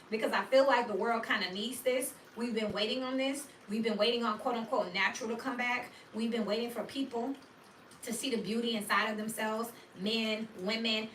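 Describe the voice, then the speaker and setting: A woman's voice: mid-range voice, far from the mic. Woman tarot reader, casual slangy monologue; echoey room, a little off-mic, faint ambient hiss. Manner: animated, slangy and chatty.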